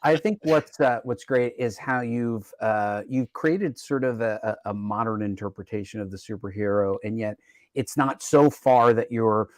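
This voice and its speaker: A man hosting a casual interview, speaking in a measured, thoughtful way with small hesitations, over a video call. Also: fairly low pitch, dry recording. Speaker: host.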